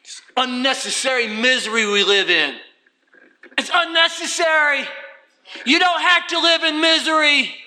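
A man preaching a fervent sermon, dropping low and then rising to shouts. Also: lively intonation, measured pace, pauses often. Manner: fervent, swings from quiet to shouting.

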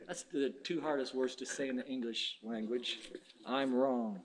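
A man's voice: medium pitch, normal speed, a little hiss or hum. A man preaching a sermon in a fervent, folksy way, weaving in personal stories.

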